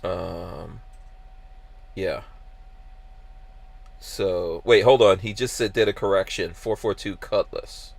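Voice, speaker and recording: A man's voice: sits low, fairly even intonation, gravelly, dry recording. A man hosting a casual podcast, reading out live chat comments with lots of fillers and restarts. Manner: halting, many fillers and restarts. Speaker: podcast host.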